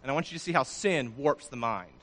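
A man preaching a sermon, his voice swelling loud and then dropping low. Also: animated, fast talker. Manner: preaching with sudden swells and drops in loudness. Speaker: pastor.

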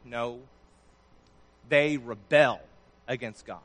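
A man preaching a sermon, his voice swelling loud and then dropping low. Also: takes it slowly. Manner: preaching with sudden swells and drops in loudness. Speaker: pastor.

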